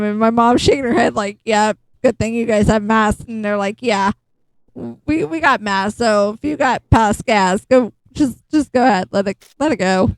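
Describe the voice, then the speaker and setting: Gamer girl rambling a story, kinda raspy fry, dry close sound, swears a lot. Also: on the high side, no echo, low-quality recording. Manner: chatty and blunt, acts out both sides of a dialogue, swears freely. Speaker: gaming channel host. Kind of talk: casual storytelling while gaming.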